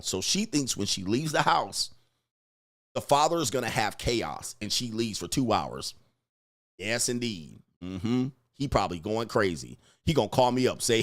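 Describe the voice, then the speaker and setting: A man hosts a casual commentary show reacting to clips about relationships, speaking bluntly and with profanity while acting out quotes in other voices. His voice is lowish and a bit bright with lively intonation at normal speed, captured in a dry, studio-quality recording.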